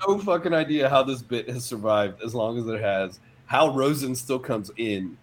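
Male co-host, casual storyteller, swears and laughs easily, middle pitch. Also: animated, normal speed, slight background noise. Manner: laughs often, swears freely, acts out quotes.

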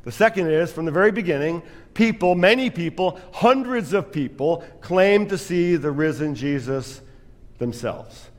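Pastor guy preaching, wry storytelling, kinda high voice, big echoey church. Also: animated, moderate pace. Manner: self-deprecating storytelling. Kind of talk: sermon.

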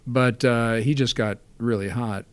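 A man recalling past film work in relaxed, rambling storytelling, full of fillers and restarts. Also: mid-range voice, measured pace, clear, resonant tone, no echo. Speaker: interview guest.

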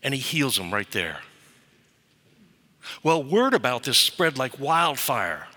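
A man preaching a sermon, telling a story in a lively way. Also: mid-range voice, slow pace. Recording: reverberant hall.

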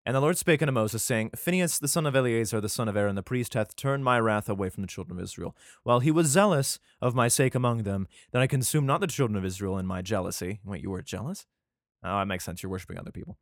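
Man reading scripture on a podcast, swears in casual asides, stumbles over words, swooping animated pitch, dry close sound. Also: fast, dry recording. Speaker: podcast host.

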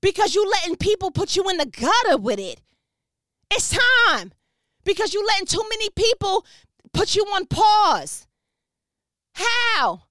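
A woman's voice: extremely high pitch, big pitch swings, unhurried, pauses often, a bit bright, no room sound, clean studio sound. A woman preaching with fervent, emphatic energy, dropping slang and firing repeated questions, speaking over a phone. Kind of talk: motivational preaching.

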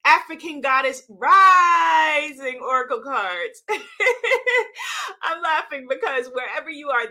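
Bubbly, high-voiced woman hosting a livestream. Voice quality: bright, bubbly. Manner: enthusiastic, greets viewers by name, laughs often. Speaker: author and livestream host. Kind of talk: live stream chat with viewers.

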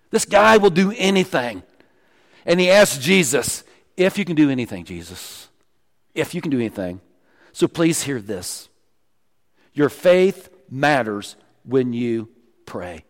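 A man preaching a sermon as pastor, swinging between loud emphatic peaks and quiet, dropped punchlines. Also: on the high side, big-room sound.

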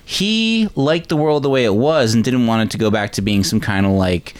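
A man's voice: medium pitch, moderate pace. Man rambling through a movie recap. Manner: rambling, lots of "like" and "um". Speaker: podcast host. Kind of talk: casual movie-recap chat.

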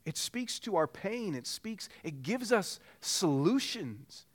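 A male pastor preaching a sermon in an animated, conversational way that climbs to emphatic peaks. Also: sits high, slow.

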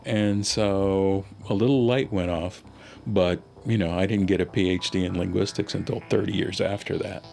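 A man's voice: sits low, steady tone, moderate pace, vocal fry, a little mellow. A man being interviewed as a linguist, recounting a childhood story in a reflective, conversational way with many "you know" asides.

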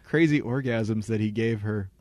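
A young man co-hosting a podcast, telling a story in casual chat, animated and laughing often. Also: on the low side, normal speed, background noise. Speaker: podcast co-host.

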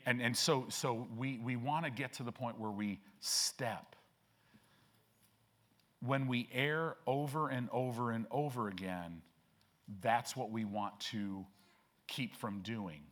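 Older man, pastor, church sermon, casual storytelling, emphatic build-ups, middle pitch. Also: slow pace, a bit bright. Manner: conversational storytelling, rising to emphatic declarations. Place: church sanctuary.

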